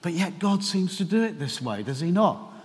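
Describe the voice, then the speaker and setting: Man, pastor preaching, lively emphatic questions, high voice, long hall echo. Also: moderate pace, breathy edge. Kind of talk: sermon. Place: church.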